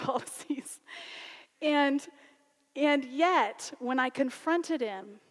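Higher-voiced woman telling a story in a hall. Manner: animated, conversational storytelling with many "like"s. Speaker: college teacher and speaker. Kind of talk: personal story in a sermon.

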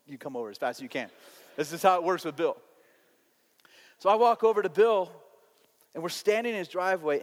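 A man preaches as a pastor, telling a story in a sermon. He is animated, swinging between lively and hushed delivery, with a fairly high voice. His words trail off into the long reverb of a large church hall.

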